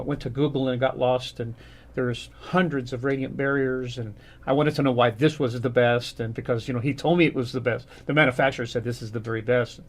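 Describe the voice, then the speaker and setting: A man in his fifties, a guest on a radio talk show, telling a rambling story with many restarts. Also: mid-range voice. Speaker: guest business owner.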